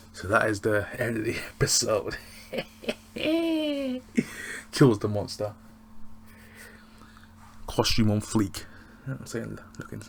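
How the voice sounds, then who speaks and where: A man's voice: on the low side, gravelly, a little hiss or hum. A man chatting casually as he reviews a TV episode, slangy and rambling with frequent chuckles. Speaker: TV review vlogger.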